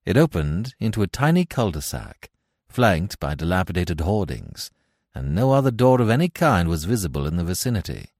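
A man giving scripted narration of a classic tale in a measured, expressive way. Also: deep voice, no echo, clean studio sound. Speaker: audiobook narrator.

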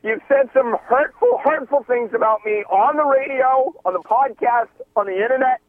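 A man's voice: very high voice, moderate pace, dry recording. A man with a Boston accent phoning in to a comedy show, rambling through menacing threats. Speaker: caller. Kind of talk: comedic phone-in rant. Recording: tinny phone line.

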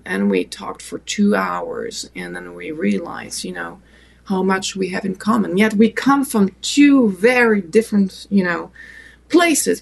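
A woman with a French accent recounts her travels at length, as a podcast guest. Her voice sits at an ordinary middle pitch with a gravelly edge of vocal fry, and she tells the story in a loose way, full of fillers. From France. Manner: warm anecdotal storytelling with many fillers.

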